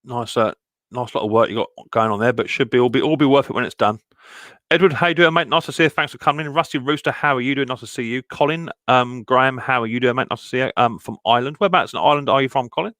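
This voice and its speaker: A man's voice: mid-range voice, fast talker, a bit bright, no echo, clean studio sound. A man hosting a live stream in a casual, chatty way, greeting viewers one by one with plenty of ums.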